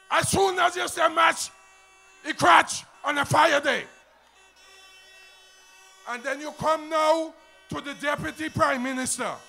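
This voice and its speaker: Loud antiguan guy yelling at a rally, high pitched and kinda gravelly. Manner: shouting, emphatic, rousing crowd. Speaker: political rally speaker. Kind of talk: rally speech.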